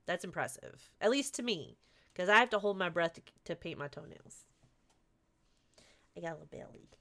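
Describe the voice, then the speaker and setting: A woman's voice: fairly low pitch, lively intonation, normal speed, vocal fry, sharp tone. A woman streaming a game live, chatting casually and gushing over her chat. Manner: bubbly, gushes over chat.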